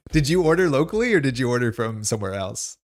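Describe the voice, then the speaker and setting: A man's voice: mid-range voice, big pitch swings, fairly quick. A young man chatting casually on a livestream, reading chat questions aloud and rambling with lots of "like". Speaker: streamer host reading chat.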